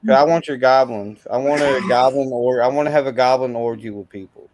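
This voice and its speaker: A man's voice: mid-range voice, a little fast, a little mellow, a little hiss or hum. A man, joking crudely as a guest on a casual live stream.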